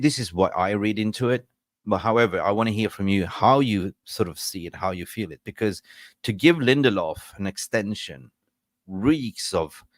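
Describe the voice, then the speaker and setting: Man hosting a football live stream; low, dry voice; rambling and frustrated, jokes between rants, shouts out to viewers. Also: no echo. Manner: rambling, chatty, reacting to viewer comments. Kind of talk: casual live-stream chat.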